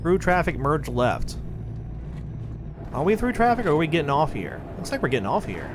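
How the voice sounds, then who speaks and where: A man's voice: fairly high pitch, sing-song, normal speed, background noise. Rambling, swearing man streaming a game. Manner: rambling, swears freely, thinks aloud. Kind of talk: casual live-stream chat while playing. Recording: clear music playing behind.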